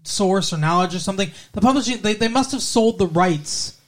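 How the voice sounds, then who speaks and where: A young man with a notably high-pitched voice chats casually about a film. His talk rambles, full of fillers, false starts and self-corrections. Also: lively intonation, a little fast. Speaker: podcast co-host reviewing a film. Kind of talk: casual conversation.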